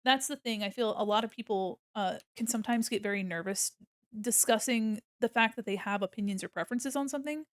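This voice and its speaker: A woman's voice: on the high side, brisk, no room sound. Chatty American woman, dry close sound. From United States. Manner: chatty, giggly, thinks aloud as she works. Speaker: art streamer. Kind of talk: casual chat while drawing on stream.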